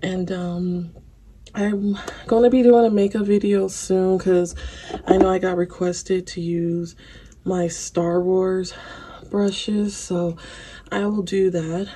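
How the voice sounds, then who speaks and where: Woman, vlogger, out of breath, slow loose chatter, lowish voice, noisy recording. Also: level tone, mellow. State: out of breath, mouth burning from spicy food. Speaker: mukbang vlogger. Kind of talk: casual vlog chat to camera.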